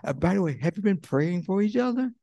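A man preaching a sermon as pastor, talking conversationally and swinging from loud bursts to hushed near-whispers. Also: high voice, animated, brisk, vocal fry, dry recording. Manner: conversational preaching with fillers and quoted voices.

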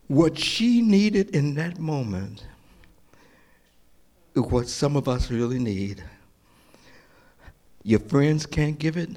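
A male pastor preaching a sermon, retelling scripture, swinging from loud emphasis to hushed whispers and often repeating and restarting phrases. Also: medium pitch.

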